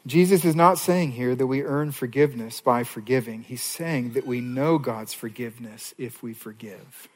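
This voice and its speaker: A male pastor delivering a sermon, moving between hushed pleading and raised, emphatic preaching. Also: medium pitch, moderate pace, hardly any pauses. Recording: long hall reverb.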